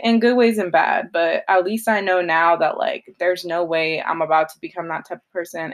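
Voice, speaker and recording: A woman's voice: lowish voice, creaky. A young woman hosting a solo podcast, talking in a blunt, confessional way with a lot of swearing. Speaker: podcast host. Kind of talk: casual solo podcast monologue.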